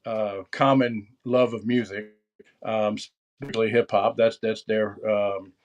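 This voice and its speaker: A man's voice: on the low side, fairly even intonation, measured pace, highs cut off, a little hiss or hum. Middle-aged man, podcast guest, rambling, restarts, fillers, casual chat.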